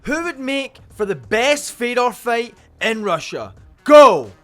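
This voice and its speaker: A man's voice: very high-pitched, sing-song, slow, soft background music. A man reading out short prompting questions on a casual sports podcast.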